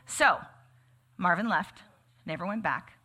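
A woman with a lowish, animated voice speaks at a measured pace, her tone sharp and the sound slightly rough. Leading a church book study, she teaches in a casual, sermon-like way, talking conversationally and often dropping "like" and "right?".

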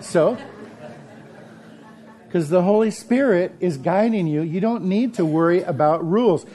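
Mellow-voiced preacher man. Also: high voice. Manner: conversational preaching, swells to emphatic peaks. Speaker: pastor. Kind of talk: sermon. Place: church sanctuary.

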